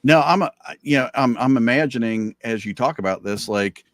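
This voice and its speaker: Man, podcast co-host, joking, stammers on restarts, mid pitch, dry sound. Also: brisk, no echo. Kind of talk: casual podcast conversation.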